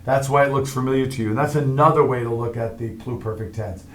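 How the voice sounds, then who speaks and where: A man's voice: mid-range voice, fast, a bit bright. A middle-aged man teaching a Latin grammar lesson, explaining each form step by step and often checking in with "all right?".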